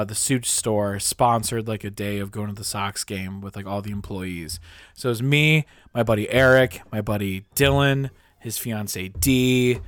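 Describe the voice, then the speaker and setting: A young man from the co-hosting a podcast, telling stories in casual banter and often breaking into loud laughing. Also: on the low side, no echo, clean studio sound. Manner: loud and laughing when retelling shouted chants. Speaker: podcast co-host.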